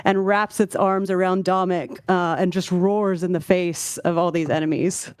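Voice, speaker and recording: A player describing their turn in a tabletop game, relaxed and chatty. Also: mid-range voice, normal speed, clean tone, no echo. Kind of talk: casual tabletop play. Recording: faint music behind.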